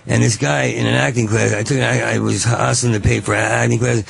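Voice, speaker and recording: A man being interviewed as a comedian guest, telling rambling stories in a rapid, manic way and often stammering and repeating sounds. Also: medium pitch, flat delivery, creaky, husky, no echo. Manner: rapid, manic, free-associating.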